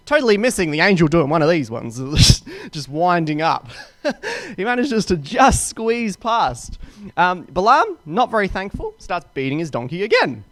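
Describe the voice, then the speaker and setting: A young man, a pastor, retelling a Bible story in a casual, chatty way and slipping into quick voices for the characters. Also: high-pitched, big pitch swings, fairly bright tone, dry recording.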